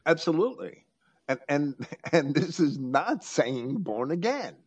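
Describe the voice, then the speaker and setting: A man's voice: on the high side, very animated, a little slow, breathy edge, dull audio. A man hosting a talk, teaching from scripture with emphatic quoting. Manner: preachy, quotes scripture with emphasis. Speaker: host.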